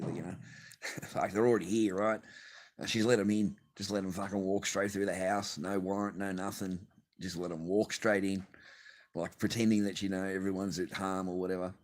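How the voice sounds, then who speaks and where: An Australian man vlogging from his garage, telling a rambling, swear-filled story with bursts of laughter. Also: sits low. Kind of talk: casual profane rant to camera. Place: home garage.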